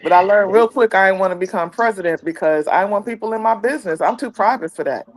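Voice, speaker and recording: A woman's voice: medium pitch, fast, noisy background. Reflective woman in casual chat. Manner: reflective, frequent affirming murmurs.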